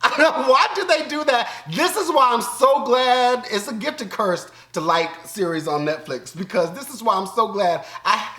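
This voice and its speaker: A man with a Southern US accent giving animated, joking commentary as a YouTube reaction host, breaking into loud outbursts and laughter. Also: very high-pitched, reverberant. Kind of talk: casual commentary.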